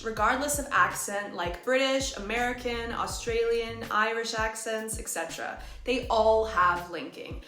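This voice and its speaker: A woman with a fairly high voice gives a scripted pronunciation lesson and speaks clearly and deliberately. She slows down whenever she demonstrates a phrase. The room sounds roomy, with faint music behind her. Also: fairly bright tone. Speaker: English teacher.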